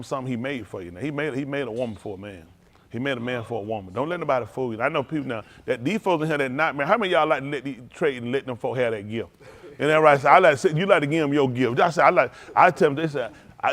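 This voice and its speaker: A man giving a humorous sermon, joking, laughing often and calling out to the congregation. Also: mid-range voice. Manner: joking, laughing often, call-and-response with the audience; colloquial and rambling, with many restarts. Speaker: preacher addressing a congregation.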